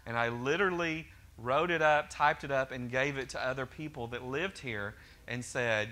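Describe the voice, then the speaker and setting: A man's voice: medium pitch, moderate pace, sharp tone. A middle-aged man, preaching a sermon in a conversational way with restarts and joking asides. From Oklahoma, USA. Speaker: pastor.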